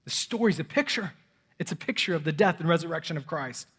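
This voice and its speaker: A man in his thirties preaching a sermon, swinging between loud urgency and soft, hushed moments. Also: a little high, animated, fast talker, breathy edge. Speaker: pastor.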